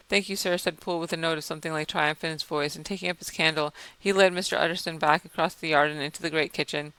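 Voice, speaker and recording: Bright-voiced man narrating a classic novel. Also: fairly high pitch, gravelly, clean tone, dry recording, rough recording. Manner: measured, dramatic classic-novel reading. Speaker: audiobook reader. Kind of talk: scripted narration.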